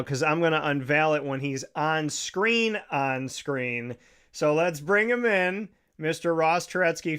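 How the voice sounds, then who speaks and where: A man hosting a sports talk show, sounding playful and hyped as he chats. His voice sits a little high, and he laughs often. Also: fairly bright tone, smooth. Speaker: podcast host. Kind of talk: casual chat.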